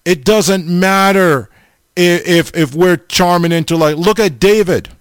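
Slow, halting male preacher. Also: high voice, clear, resonant tone, no room sound. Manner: slow, halting, repeats the audience name often. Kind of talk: informal sermon.

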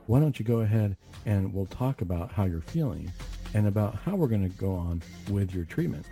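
A man's voice: on the low side, animated, fairly quick, creaky, mellow, slightly rough, faint music behind. A man, a clinician, telling a story from his work in a casual, conversational way, often with restarts. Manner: conversational, with restarts, acting out his own past words. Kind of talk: casual storytelling on a faith podcast.

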